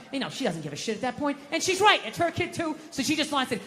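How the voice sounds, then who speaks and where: Profane ranting stand-up comedian. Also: male voice, very high voice, very animated, fast, hardly any pauses, in a large hall, slight background noise. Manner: profane, ranting, shifts into shouted outbursts.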